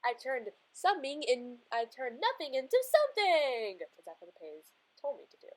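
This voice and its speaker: A woman's voice: sits high, big pitch swings, brisk. A woman casually narrating what she colors and draws, chatty and rambling, often restarting her sentences. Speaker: art channel creator.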